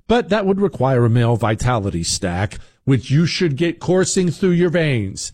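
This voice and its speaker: A man's voice: mid-range voice, sing-song, moderate pace, hardly any pauses, darkish tone, dry recording, studio quality. A man in his forties hosting a talk show, giving sarcastic, emphatic opinion commentary. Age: 40s.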